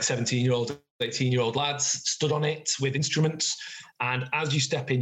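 A man's voice: mid-range voice, poor audio. Guy gm-ing a tabletop game, medium voice, chatty scene-setting with lots of uhs and likes. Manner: lively descriptive narration with fillers. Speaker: game master.

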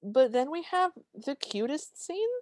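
A woman's voice: high voice, very animated, a little slow, a little mellow. A woman co-hosting a podcast, recapping a movie in casual chat with dry, wry humor. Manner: dry, wry storytelling with quoted lines. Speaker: podcast co-host.

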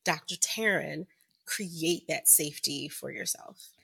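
A woman podcast host who interviews her guest, affirming and encouraging with frequent soft backchannels. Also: low voice, slow pace, gravelly, slightly rough. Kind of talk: interview chat.

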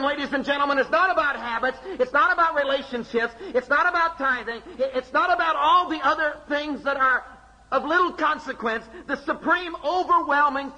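A man preaching a sermon, emphatic, with rhetorical questions and dramatic pauses. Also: extremely high pitch, bright, forceful tone. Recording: long hall reverb.

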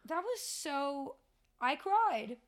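A woman co-hosting a casual podcast, her voice sitting a little on the high side. She talks in an animated, expressive way, swearing freely and breaking into laughs. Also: extremely slow. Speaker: podcast co-host.

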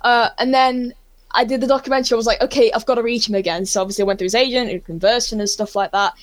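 A woman telling a story as an interview guest, excitable and rambling, often laughing. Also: fairly high pitch, quick pace, dry recording.

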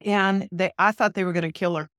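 This podcast guest, a woman minister, moves briskly through a personal anecdote, acting out the quoted exchanges with earnest animation. Her pitch is medium, and the studio recording is clean and dry.

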